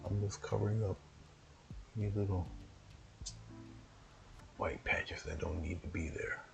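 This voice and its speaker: A man's voice: low voice, steady tone, a little slow, gravelly, faint music behind. A man chatting casually as he finishes a painting demo, rambling and talking to himself while he works. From US East Coast. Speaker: painting instructor.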